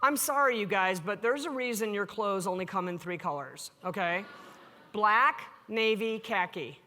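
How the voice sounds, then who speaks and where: A woman's voice: mid-range voice, normal speed, sharp tone. A woman giving a live keynote talk to an audience, telling stories animatedly and acting out the dialogue. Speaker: keynote speaker. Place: large hall before an audience. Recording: long hall reverb.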